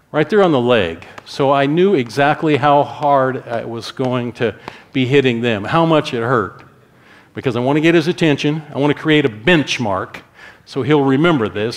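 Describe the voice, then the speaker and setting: A middle-aged male pastor preaching to his congregation. He tells stories in an animated way and acts out what he said himself, with a voice of ordinary pitch for a man. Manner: animated storytelling, acting out his own stern quotes. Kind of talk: sermon with personal storytelling.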